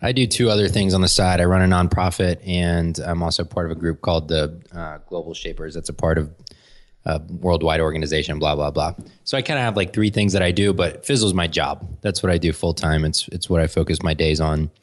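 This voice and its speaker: A man's voice: low voice, fairly even intonation, brisk. A man from Atlanta chatting easily and wryly as an interview guest. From Atlanta, US South. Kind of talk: casual interview chat.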